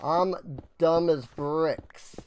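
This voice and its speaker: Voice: mid-range voice, steady tone, drawn-out words, darkish tone, a little hiss or hum. An American gaming streamer rambling through casual, ranting commentary, self-mocking and full of mild swears. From United States.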